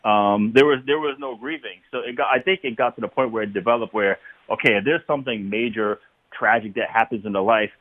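A man's voice: on the low side, fairly quick, no echo. Man telling stories over a tinny line. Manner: animated storyteller, laughs often. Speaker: guest, former football player. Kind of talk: casual interview conversation.

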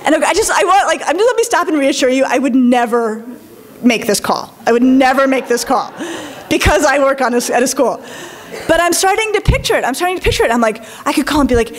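A woman in her forties, a child psychologist, telling a story to an audience in an animated way, acting out the voices of people she quotes. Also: sits high, a little fast. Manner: animated, acts out quoted voices, many asides.

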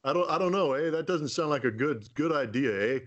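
Man putting on a gruff Canadian-accent guy. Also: a little high, lively intonation, brisk, a bit bright, lo-fi sound, voice pushed up. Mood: mock-grumpy. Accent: put-on Canadian. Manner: exaggerated "eh?" tag endings. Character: joking grumbling Canadian man.

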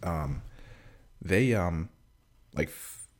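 Man, very low voice, casual film chat, rambling, exasperated, swears. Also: expressive, extremely slow, a little mellow. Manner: rambling, exasperated, swears freely, many fillers. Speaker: film discussion co-host.

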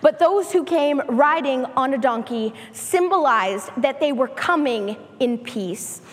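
A high-pitched woman delivers a sermon at an unhurried pace, leaning on each repeated phrase. Her voice rings out with a long reverb, as if in a large hall. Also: animated. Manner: slow, emphatic preaching with repetition. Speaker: preacher.

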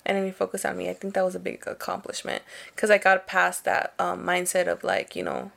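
Woman cohosting a podcast, kinda gravelly, chill and sweary, slips into spanish. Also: lowish voice, monotone, fairly quick, a bit bright. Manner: casual, swears, mixes Spanish into English. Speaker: podcast co-host. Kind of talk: casual chat.

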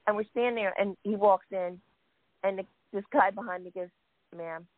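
A woman hosting a casual chat, telling a story in a lively way and acting out what others said. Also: medium pitch, fairly quick, no room sound. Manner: lively storyteller, acts out quoted voices. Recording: tinny dry phone line.

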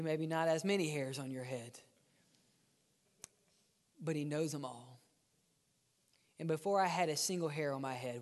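A male pastor preaching a sermon, swinging between loud, driven lines and hushed, near-whispered ones. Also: a little high, big-room sound. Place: church sanctuary.

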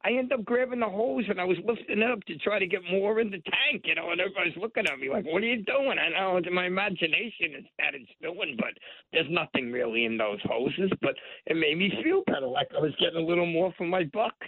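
A man's voice: sits high, expressive, fast. A man calling in to a radio show, chatty and eager. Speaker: caller. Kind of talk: call-in talk radio. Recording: phone line.

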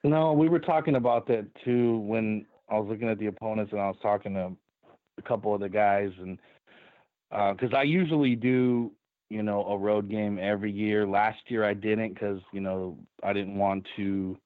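A man's voice: fairly low pitch, fairly even intonation, normal speed, no echo. A man co-hosting a podcast in casual chat, laughing through his stories. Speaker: podcast co-host. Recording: tinny phone-like line.

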